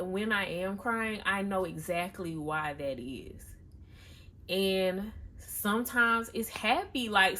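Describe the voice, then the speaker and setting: A woman's voice: medium pitch, pushed and bright. A young woman talking candidly and confessionally in a casual personal vlog, chatting to her viewers. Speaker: vlogger.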